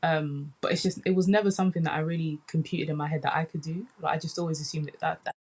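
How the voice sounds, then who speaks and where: A young woman from the UK, a comedian chatting casually in an interview, animated and relaxed, often saying "man". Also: deep voice, quick pace, husky. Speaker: comedian guest.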